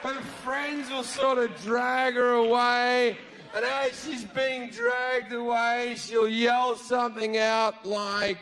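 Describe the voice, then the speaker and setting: Blunt, profane comedian. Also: male voice, extremely high pitch, steady tone, slow, fairly bright tone, a little hiss or hum. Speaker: stand-up comedian. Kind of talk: stand-up comedy routine. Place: stage before a live audience.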